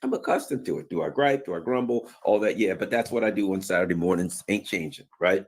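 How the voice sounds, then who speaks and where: A man delivering an off-the-cuff political commentary in a somewhat low voice. He talks loosely and colloquially, with plenty of fillers, and keeps breaking into sarcastic mock voices. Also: fast, breathy edge. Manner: sarcastic, acts out mocking voices; colloquial, many fillers and asides.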